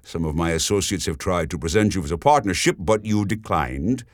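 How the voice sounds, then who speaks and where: A man voicing a suave, persuasive German businessman with a German accent, speaking politely and smoothly. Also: low-pitched, expressive, brisk, no room sound, clean studio sound. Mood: courteous.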